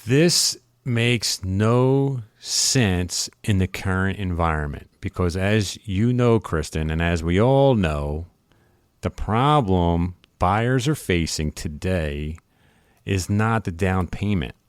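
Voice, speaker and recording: A man from the area co-hosting a podcast, chatting casually and excitably, acting out voices in his stories. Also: deep voice, slow, clear, resonant tone, no room sound, studio quality. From Philadelphia area. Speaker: podcast co-host. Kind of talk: casual chat.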